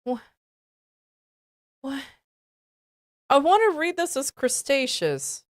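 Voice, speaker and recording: High-voiced, giggly woman streamer. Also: sing-song, slow, no room sound, studio quality. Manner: giggly and incredulous, often breaking into laughter. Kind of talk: casual live-stream reading commentary.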